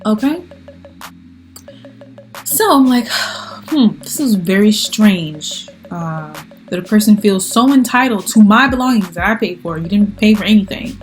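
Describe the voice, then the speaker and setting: A young woman vlogging, retelling a conflict with her roommate in an animated, exasperated way and acting out the quoted lines. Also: medium pitch, a little slow, soft background music. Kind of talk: storytelling to camera.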